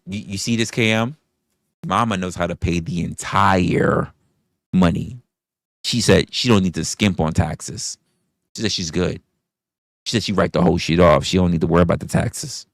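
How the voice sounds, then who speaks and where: A livestream host with a low, creaky voice rants and argues with chat, swearing often and firing off rhetorical questions. He reads out and thanks viewer donations, shouting out donors, and the studio-quality audio has no echo.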